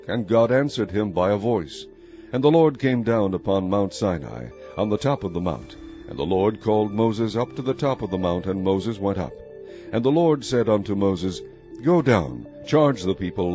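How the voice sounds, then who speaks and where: A preacher reading scripture aloud in a solemn, measured way, with deliberate phrasing. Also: male voice, lowish voice, mellow. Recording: muffled recording with faint music behind.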